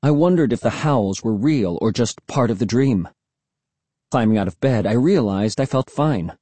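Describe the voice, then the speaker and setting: A man reading an audiobook in expressive first-person narration. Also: mid-range voice, normal speed, dry recording. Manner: expressive storytelling.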